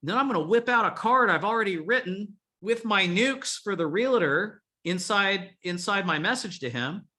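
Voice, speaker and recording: Guy coaching remodelers, swears a lot, hypes up the group, kinda sharp voice. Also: sits high, animated, moderate pace, hardly any pauses. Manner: blunt and profane, rallying listeners. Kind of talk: coaching talk to a live group.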